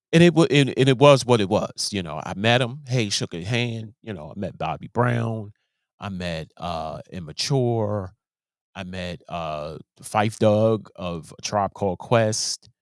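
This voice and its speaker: A man's voice: on the low side, no echo, clean studio sound. A man hosting a show, giving casual commentary in an emphatic way, often repeating and restarting his words. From Baltimore, USA. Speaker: host.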